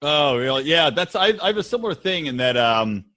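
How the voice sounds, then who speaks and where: Bright-voiced man swearing casually on a call. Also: on the high side, brisk, no echo. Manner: relaxed, swears freely. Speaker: guest podcaster. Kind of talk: casual chat over an internet call. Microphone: internet call audio.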